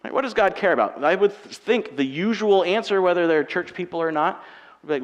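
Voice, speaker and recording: A young man preaching a sermon in a church, conversational and shifting between quiet and emphatic delivery. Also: sits high, fairly quick. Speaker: pastor. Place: church sanctuary. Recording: long reverb of a large hall.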